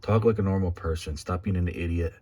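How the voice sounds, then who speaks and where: This man has a deep, mellow voice and a fairly quick pace. He is a sports fan vlogger from around Philadelphia who reads text aloud on a casual vlog, wandering off on tangents, chuckling, and tossing in blunt, profane remarks.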